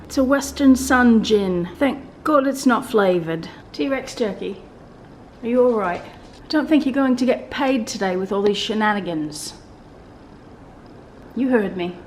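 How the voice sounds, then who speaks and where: A woman with a high-leaning, lively voice chats at a measured pace in a casual home vlog, turning now and then to coo at her pets in a sing-song tone. The recording carries a little hiss or hum.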